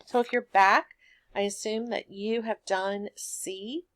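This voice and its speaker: A woman teacher giving a recorded grammar lesson, explaining answers in a patient, steady way. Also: medium pitch, takes it slowly.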